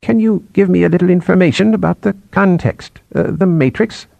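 A man's voice: high-pitched, a little fast, gravelly, darkish tone, no echo, voice pushed up, heavily acted. A man voicing a frail, mild old male scholar in his seventies with a quavering voice in an audiobook. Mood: curious. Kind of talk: audiobook character voice.

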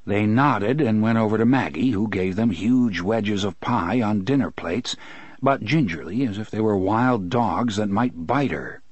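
A man's voice: fairly low pitch, measured pace, darkish tone, no room sound, highs cut off. A man narrating a story in scripted audiobook style, shifting his voice for characters.

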